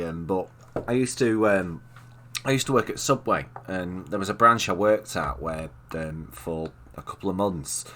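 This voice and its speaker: Host, man, very low voice, bright and forceful, hesitant with fillers. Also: slight background noise. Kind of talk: casual chat.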